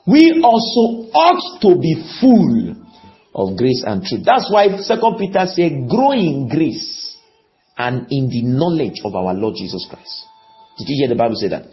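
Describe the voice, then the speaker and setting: A man delivers a sermon at a slow, deliberate pace, his fairly high voice rising and falling widely. He pleads with his listeners and keeps asking them questions. The recording sounds dull and lo-fi. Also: very animated, faint music behind. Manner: emphatic, slow, pleading, asks the audience questions. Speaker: preacher.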